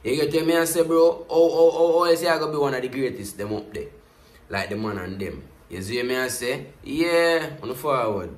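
A Jamaican man talks through a music reaction in loose, animated patois, circling back to his pet refrains again and again. His voice sits at an everyday middle pitch. The room around him is roomy, with a clear echo on every line. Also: brisk. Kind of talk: casual music reaction commentary.

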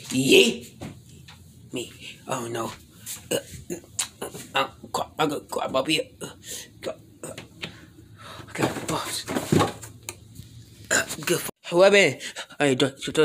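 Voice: medium pitch, unhurried, pauses often, fairly bright tone, a little hiss or hum. A speaker improvising a plush toy role-play in a rambling, mumbly way, full of slang and filler sounds.

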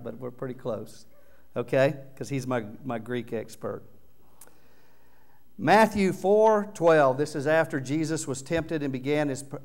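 Emphatic male preacher with a smooth voice. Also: medium pitch. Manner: earnest, emphatic preaching with loud swells on key words. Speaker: pastor. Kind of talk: sermon. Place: church sanctuary.

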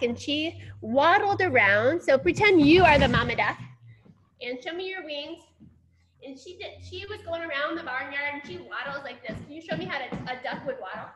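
A woman's voice: high voice, a bit bright. A woman leading small children through a dance class, telling a playful story with movement cues. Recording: echoey room with faint music.

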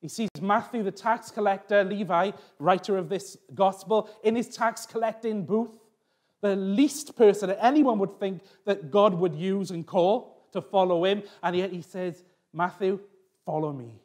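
A man's voice: high voice, steady tone, normal speed, darkish tone. A middle-aged man preaching a sermon as pastor, telling a personal story with restarts and asides.

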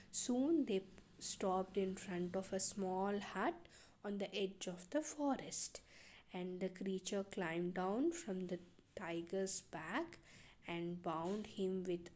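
Slow, explanatory woman teacher with an Indian English accent, reads the story aloud and then paraphrases it. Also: mid-range voice, darkish tone.

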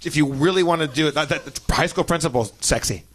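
A man's voice: fairly high pitch, quick pace. A man from Milwaukee telling a story on a podcast, stammering and repeating words and laughing as he goes. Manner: stammering, animated, laughs through stories. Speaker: podcast guest telling stories. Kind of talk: casual storytelling chat.

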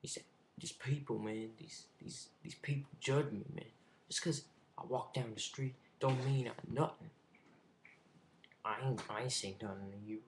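Touchy young street guy, gravelly, fast slang; put on by a man. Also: medium pitch, slight background noise. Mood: defensive. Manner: slangy, defensive, quick.

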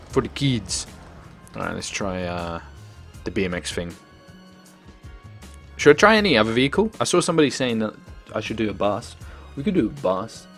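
A young man giving excitable live commentary on his gameplay stream, joking with chat and swearing. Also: fairly low pitch. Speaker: gaming streamer.

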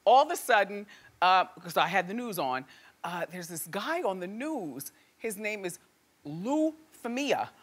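A woman hosting a talk show, chatting and gossiping to a live studio audience with lively exclamations. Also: mid-range voice, measured pace, slightly rough.

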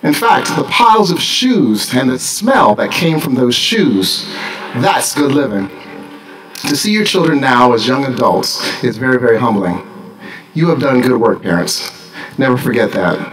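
A middle-aged man delivers a graduation address as the school principal, mixing formal thanks with dry jokes. His voice sits at an ordinary pitch and is picked up from a distance. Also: very animated, unhurried, slight background noise. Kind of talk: commencement speech. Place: large graduation ceremony.

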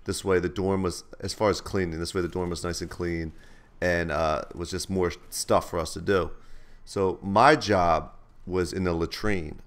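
A man's voice: low voice, steady tone, moderate pace. A man hosting a gaming channel, telling laid-back, slangy stories over gameplay. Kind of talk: casual storytelling over gameplay.

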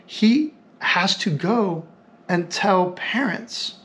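A man hosting a podcast, telling a story in a reflective, halting way and repeating phrases as he thinks aloud. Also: high-pitched, expressive, fairly bright tone. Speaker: podcast host.

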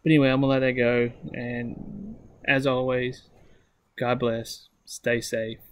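A man with a Southern US accent walks through beginner phrases in an unhurried, informal lesson. His voice stays level and even, with little rise or fall, and he stumbles, restarts and fills gaps with "um" as he goes. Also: medium pitch. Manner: halting, many restarts and ums, slow careful phrase repetition. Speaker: language learner vlogger. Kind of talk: casual self-taught language lesson.

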